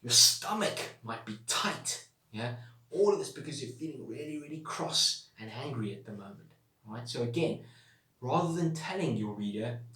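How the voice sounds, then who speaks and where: A man's voice: mid-range voice, pushed and bright. Man teaching, roomy distant sound. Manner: chatty, checks in with frequent "all right?" and "yeah?". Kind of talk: classroom writing lesson. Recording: roomy sound from away from the mic.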